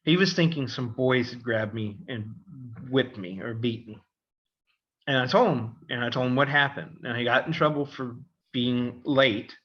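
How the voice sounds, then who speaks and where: Bright-voiced man telling a story. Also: medium pitch, muffled recording. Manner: animated, acts out quoted voices, laughs often. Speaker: podcast co-host. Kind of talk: casual storytelling.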